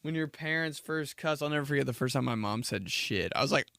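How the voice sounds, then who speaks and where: A man's voice: mid-range voice, expressive, quick pace, vocal fry, sharp tone, clear, resonant tone, dry recording, clean studio sound. Profane young man ranting on his podcast. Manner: rambling, profane, laughs at himself, acts out dramatic reactions. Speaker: podcast host. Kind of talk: solo comedic podcast rant.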